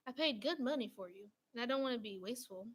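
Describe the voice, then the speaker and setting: A woman doing a sheepish, slow-talking man. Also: fairly high pitch, lively intonation, breathy edge. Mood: reassuring. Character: sheepish, stammering grown man.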